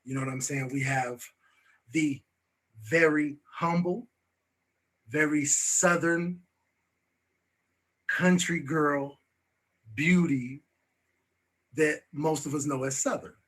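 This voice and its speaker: A man's voice: a little high, takes it slowly, pauses often, a bit bright, slightly rough. A man hosting a casual talk show, loose and chatty, often repeating "you know what I'm saying.". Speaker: show host.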